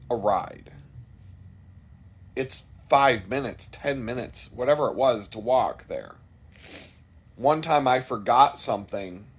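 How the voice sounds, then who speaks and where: A middle-aged man telling a rambling, candid personal story in a casual vlog, swearing freely and slipping into voices for the people he quotes. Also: lowish voice. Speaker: vlogger.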